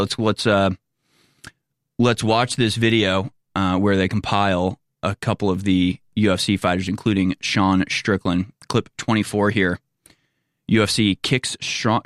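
A man's voice: lowish voice, no room sound, clean studio sound. A man hosting a political commentary show, talking in a sarcastic, exasperated way.

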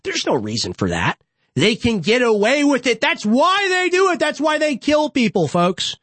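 A young studio-based political host rants with fervor, returning again and again to rhetorical build-ups. His very high voice swoops wildly in pitch, slightly bright and at a normal speed, with no echo in the recording.

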